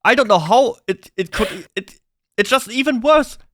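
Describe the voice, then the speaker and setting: A man whose first language is German, chatting casually as a streamer being interviewed about games, excitable and stammering through restarts. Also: very high voice, normal speed, dry recording, clean studio sound.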